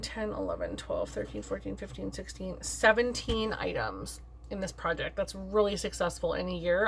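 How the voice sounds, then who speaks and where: A young adult woman chats through her makeup collection in a relaxed vlog, her voice sitting at an ordinary middle pitch. She sounds upbeat and talkative, dropping plenty of "like" and "um" as she goes. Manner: chatty and upbeat, with frequent "like" and "um". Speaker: beauty vlogger. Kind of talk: casual makeup review chat.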